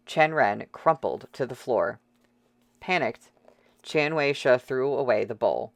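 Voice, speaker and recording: A man reading a novel aloud as audiobook narrator, steady and dramatic. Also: mid-range voice, slow, gravelly, dry recording.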